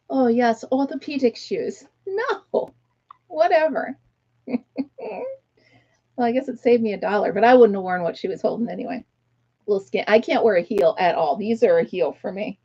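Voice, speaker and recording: A woman's voice: medium pitch, warm tone, slightly rough, muffled recording. A middle-aged woman from the United States hosting a casual livestream chat, talking easily, laughing often and greeting viewers by name. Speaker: livestream host.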